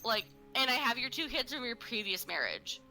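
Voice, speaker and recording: Bright-voiced woman telling a story with swearing. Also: fairly high pitch, big pitch swings, moderate pace, faint music behind, rough recording. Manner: swearing, filler-heavy storytelling, acting out quotes. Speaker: podcast co-host. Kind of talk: casual true-crime podcast chat.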